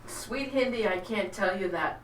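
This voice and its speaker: A woman's voice: medium pitch, normal speed. A woman joins a casual live-stream chat, speaking hesitantly with stammers. She sits away from the mic in a roomy, echoing space, with faint noise behind her. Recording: echoey room heard from a distance.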